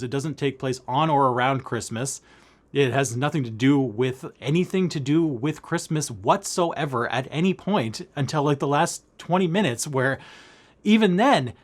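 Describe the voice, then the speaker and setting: Excitable, stammering man vlogging. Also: a little high. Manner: excitable, stammering, repeats himself. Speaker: cross-stitch vlogger. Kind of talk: excited casual monologue to camera.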